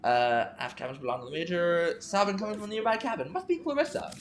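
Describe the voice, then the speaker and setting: A woman talks through a story game, musing aloud over her options. Her voice is lowish but moves around a lot in pitch. The recording has a roomy echo and a faint background hiss. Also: lively intonation, quick pace. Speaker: gameplay commentator. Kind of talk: let's play commentary.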